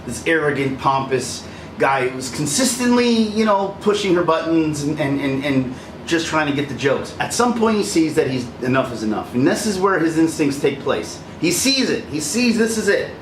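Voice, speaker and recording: Animated man in an echoey room. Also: fairly high pitch, moderate pace, far from the mic, a little hiss or hum. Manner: animated, laughs often, acts out quotes. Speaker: video essay host. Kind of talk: casual commentary over film clips.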